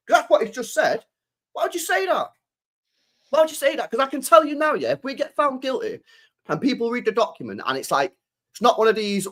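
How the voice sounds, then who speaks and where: A young man with a high-pitched voice hosts a podcast, speaking fairly quickly. His casual, animated rant is full of swearing and rhetorical questions.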